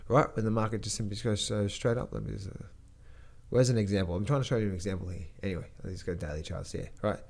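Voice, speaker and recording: A man's voice: fairly low pitch, darkish tone. Man, casual trading commentary, blunt, rambling, repetitive. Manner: blunt, rambling, repeats words, laughs at own jokes. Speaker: trading educator.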